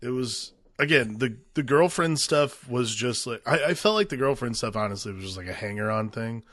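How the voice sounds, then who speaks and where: A man's voice: mid-range voice, expressive, moderate pace, fairly bright tone, no echo, studio quality. A man co-hosting a casual movie podcast, talking in an easygoing, hesitant way. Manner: easygoing, hesitant, with many restarts and fillers. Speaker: podcast co-host.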